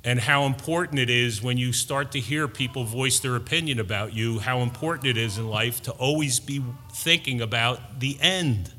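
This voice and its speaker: A middle-aged man preaching a sermon, slow and deliberate, building to emphatic peaks. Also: medium pitch, sharp tone, in a large hall.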